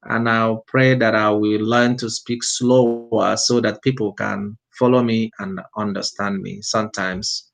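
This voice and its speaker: A man preaching a passionate sermon with an accent, exhorting his listeners and admitting he often speaks fast. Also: on the low side, level tone, creaky. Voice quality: non-native-sounding accent, unnamed. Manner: fervent, exhorting, speaks fast by own account. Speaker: prophet preaching. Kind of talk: impassioned sermon.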